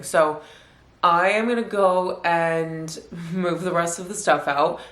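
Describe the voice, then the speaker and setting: Young woman vlogging from her apartment, a bit stuffy, lowish voice, rambles with lots of "like"s, echoey room. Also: a bit bright. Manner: chatty, rambling, lots of "like" fillers. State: slightly stuffy-sounding. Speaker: lifestyle vlogger. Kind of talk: casual vlog chat to camera. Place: at home in an apartment.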